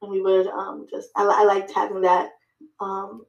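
A woman guesting on a podcast, telling her story in lively fashion, acting out her own dialogue, with many fillers and restarts. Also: medium pitch, normal speed, creaky, roomy sound, lo-fi sound. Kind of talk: casual interview chat.

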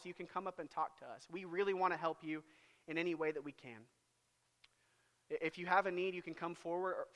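A man's voice: a little high, fairly bright tone, big-room sound. A young man preaching a sermon in a church, earnest, often repeating words as he begins a phrase. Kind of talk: sermon with an invitation. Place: church sanctuary.

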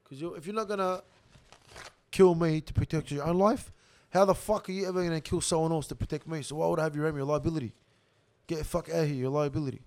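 Young guy, casual storyteller, profane and blunt, gravelly high voice. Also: steady tone, fast, a little mellow. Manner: profane, blunt, swears constantly; laughs through his own story. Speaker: guest telling a story.

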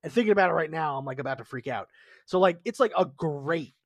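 A man hosting a podcast in casual chat, excitable and swearing freely. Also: fairly high pitch, fast, dry recording. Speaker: podcast host.

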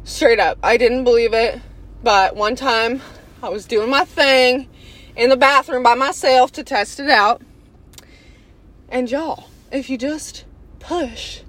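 A woman hosting a podcast in candid, casual chat, slightly out of breath and often saying "y'all". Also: a little high. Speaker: podcast host.

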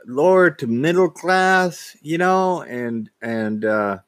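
A man telling a personal story casually, halting, with frequent restarts and repeated words. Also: on the high side, animated, no room sound. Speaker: vlogger.

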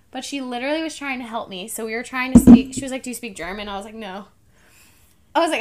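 A young woman co-hosting a podcast, telling a travel story in a casual, animated way and acting out the dialogue. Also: fairly high pitch, fast talker, a little hiss or hum. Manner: animated storyteller, acts out dialogue, laughs often. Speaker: podcast co-host.

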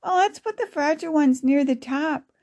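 Woman voicing a young girl, eager, sensible, storybook, mellow tone. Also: high-pitched, normal speed, voice pushed up. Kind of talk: storybook reading.

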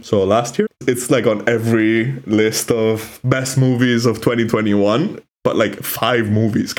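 A man from Italy with an Italian accent, a native Italian speaker co-hosting a podcast in casual, opinionated chat. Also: medium pitch. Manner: chatty, opinionated, frequent "like" fillers. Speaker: podcast co-host.

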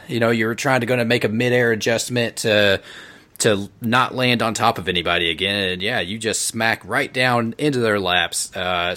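A man narrating as game master in a tabletop game, relaxed and joking. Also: on the low side.

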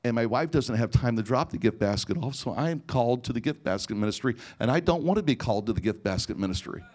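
A man's voice: medium pitch, lively intonation, quick pace, a little mellow. A man preaching a sermon, telling personal stories and acting out conversations with frequent restarts. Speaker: pastor.

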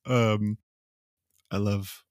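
A man's voice: fairly low pitch, drawn-out words, no room sound, clean studio sound. A man co-hosting a podcast, chatting casually and reading an old legal text aloud, breaking into laughs. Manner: animated, laughs often while reading. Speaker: podcast co-host.

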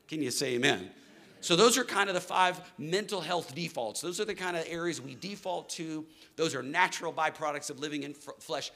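Earnest preacher man with a bright voice. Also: fairly high pitch, moderate pace. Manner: earnest, building to emphatic declarations. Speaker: pastor. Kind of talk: sermon. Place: church hall.

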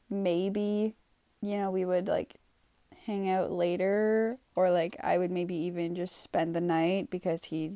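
A woman's voice: medium pitch, dark tone, dry recording. Young woman rambling through a storytime. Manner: rambling, full of "like" and "you know"; exasperated, swearing for emphasis. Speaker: vlogger. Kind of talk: casual storytime.

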